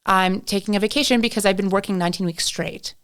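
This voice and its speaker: Woman, young adult, from Canada, casual storytelling, smooth clear voice, middle pitch. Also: quick pace, a bit bright. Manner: chatty, acts out both sides of a story with filler "like". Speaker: podcast guest.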